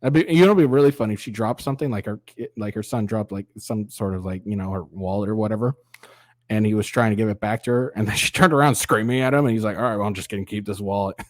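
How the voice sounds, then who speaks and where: A man's voice: lowish voice, fast, no echo. Male commentary host, mocking and profane, dry close sound. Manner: mocking, profane, mimics voices. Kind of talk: sarcastic reaction commentary.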